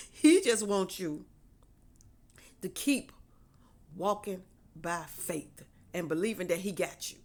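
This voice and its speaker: This faith vlogger is a woman with a lowish, expressive, slightly mellow voice who speaks slowly and pauses often. Chatting casually with her viewers, she urges them to trust God, repeating key phrases in a preachy, conversational way.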